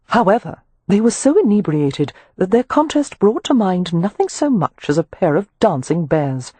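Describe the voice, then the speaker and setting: Breathy, lively audiobook narrator. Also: mid-range voice, moderate pace, no room sound.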